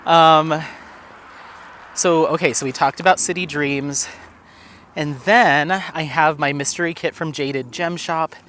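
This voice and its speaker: A man's voice: fairly high pitch, steady tone, takes it slowly, fairly bright tone, slight background noise. Chatty man vlogging on a dog walk. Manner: rambling, chatty, with many fillers; coaxes his dog in a raised playful voice. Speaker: crafting vlogger. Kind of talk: casual vlog chat. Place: outdoors on a walk.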